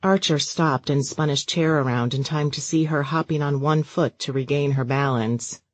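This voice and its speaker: Deep-voiced woman narrating a romance audiobook. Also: dry recording. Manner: steady, measured storytelling. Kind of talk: scripted narration.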